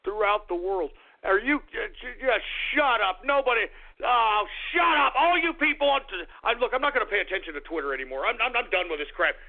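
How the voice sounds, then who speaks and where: A man's voice: sits high, animated, fairly quick. A man hosting a radio talk show, ranting in an agitated, swearing, stammering way. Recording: tinny phone-like radio audio.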